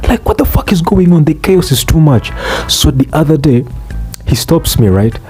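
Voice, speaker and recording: A young man ranting in a profane, exasperated comic vlog, swearing and bursting out loudly. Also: a little high, sing-song, moderate pace, faint music behind. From Uganda. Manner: exasperated, swearing, loud outbursts. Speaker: vlogger.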